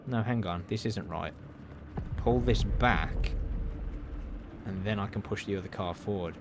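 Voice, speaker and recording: Excitable man streaming a game. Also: lowish voice, noisy background. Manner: excitable, swearing, quick reactions and laughs. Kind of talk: live gameplay commentary.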